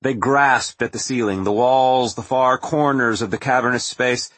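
A male audiobook narrator with a medium-pitched voice reads a novel aloud in a measured, even storytelling style. The scripted narration has no room sound.

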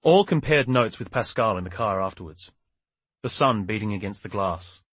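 A man reads a crime novel aloud in a steady, measured manner, his voice lowish and husky. The recording is close and dry, with no room sound. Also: no room sound. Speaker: audiobook narrator. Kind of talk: scripted narration.

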